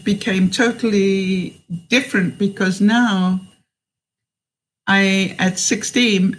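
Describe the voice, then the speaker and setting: Slow, hesitant woman telling a personal story. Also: mid-range voice, low-quality recording. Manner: slow, hesitant, with many fillers and restarts. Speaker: vlogger.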